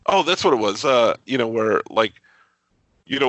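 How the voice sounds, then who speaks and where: Male co-host, bright, forward tone, dry close sound, playful casual chat. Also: mid-range voice, lively intonation, moderate pace, no room sound. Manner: playful, hesitant, laughs off his own slips. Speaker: podcast co-host. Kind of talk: casual chat reviewing a TV episode.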